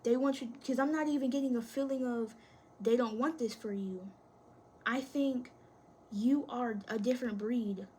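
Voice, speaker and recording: A woman's voice: on the high side, normal speed, husky. Encouraging woman doing a tarot reading. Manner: warm, encouraging, speaks directly to the viewer; thinks aloud while pulling cards. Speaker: tarot reader.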